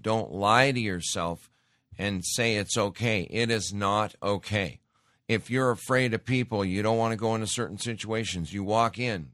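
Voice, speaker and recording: A man's voice: fairly low pitch, fairly bright tone, no room sound, clean studio sound. A man preaching a sermon, reading scripture aloud and exhorting his listeners in an emphatic, direct way.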